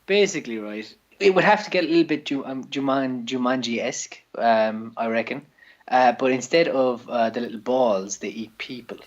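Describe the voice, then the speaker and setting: A man's voice: medium pitch, lo-fi sound. Laid-back, profane podcast co-host man. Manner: laid-back, halting riffing with frequent swearing. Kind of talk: casual chat.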